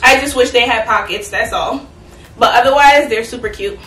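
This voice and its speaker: Chatty high-voiced young woman in a roomy space. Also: moderate pace, a bit bright. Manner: chatty, playful, talks straight to viewers. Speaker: fashion vlogger. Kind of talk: casual try-on haul chat. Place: at home, in an echoey room. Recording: roomy, from a distance.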